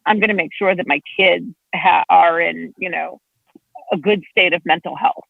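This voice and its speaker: A state legislator appears as a guest in a casual chat, telling animated stories with big swings in pitch. She speaks at a moderate pace with vocal fry, on a tinny, phone-like line with no echo.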